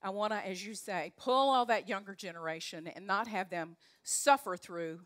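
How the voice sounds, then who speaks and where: A woman's voice: medium pitch, moderate pace, a bit bright. An older woman from North Carolina with a Southern accent, a leadership coach giving a chatty, direct motivational talk to a live audience. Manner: chatty, direct, folksy with frequent fillers. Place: event room with a live audience.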